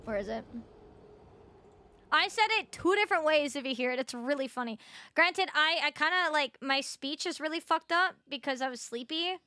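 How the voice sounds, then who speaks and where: A young Canadian woman streams a game and chats with her viewers, her high voice bright and sharp. She rambles casually, full of likes and ums, with frequent swearing. Her accent is Canadian. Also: animated, moderate pace, dry recording. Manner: chatty, swears, many fillers. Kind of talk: casual live-stream chat while gaming.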